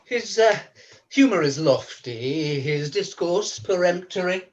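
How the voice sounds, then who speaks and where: A woman's voice: on the low side, animated, slow, darkish tone, muffled recording. A woman playing a lofty, pedantic male schoolmaster in a live online Shakespeare performance, with pompous speech sprinkled with Latin.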